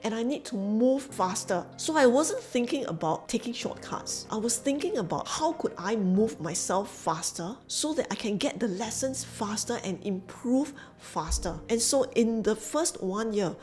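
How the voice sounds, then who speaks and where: A woman's voice: on the high side, expressive, unhurried, hardly any pauses, darkish tone, soft background music. Earnest Singaporean woman coach. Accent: Singaporean English. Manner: earnest, emphatic, repeats phrases for emphasis. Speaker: business coach. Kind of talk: motivational storytelling to camera.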